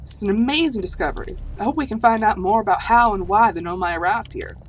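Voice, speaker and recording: Woman putting on a space-scared alien archaeologist, bad southern drawl, rambly and wide-eyed, middle pitch. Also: fast, slight background noise, close to an everyday voice. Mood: curious. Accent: put-on southern US. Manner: earnest, rambling, easily amazed. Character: timid, curious alien archaeologist, afraid of space. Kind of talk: reading game dialogue aloud.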